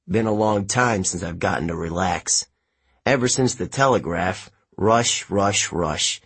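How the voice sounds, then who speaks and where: Easygoing, tired man who is always on call, low and unhurried, as the narrator does him. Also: slightly rough, exaggerated voice. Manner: relaxed and easygoing, a little weary. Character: calm, overworked man, a weary divine courier.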